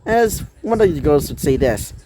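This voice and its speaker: A man's voice: a little high, very animated, normal speed, dark tone, a little hiss or hum. A man narrating a fan-fiction story in a rambling way, full of fillers and self-corrections.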